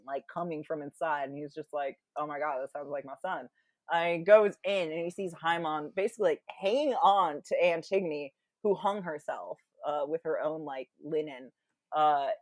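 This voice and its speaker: Animated woman retelling a story. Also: low voice, dry recording. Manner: animated, full of "like" and quoted voices, laughs often. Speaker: podcast guest. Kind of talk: casual storytelling chat.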